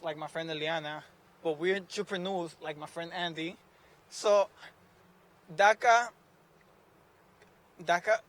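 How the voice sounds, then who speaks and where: A young man speaking at an outdoor rally as named plaintiff, halting and emotional, moving between English and Spanish. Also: a little high, fairly bright tone. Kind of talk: emotional public speech. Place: outdoor rally outside a courthouse.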